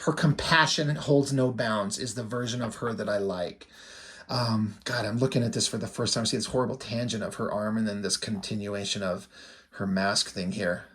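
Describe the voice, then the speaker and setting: Candid, self-critical comic artist. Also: male voice, fairly low pitch, fairly even intonation, normal speed, fairly bright tone. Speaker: comic artist and channel host. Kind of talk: casual commentary on his own artwork.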